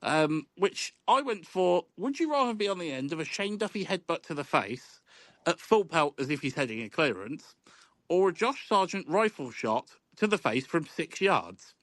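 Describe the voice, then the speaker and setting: Guy hosting a football pod, kinda high voice, dead dry sound, lots of ums. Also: sing-song, moderate pace, fairly bright tone, no room sound. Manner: laid-back, chuckling, many ums. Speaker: podcast host. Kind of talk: casual chat.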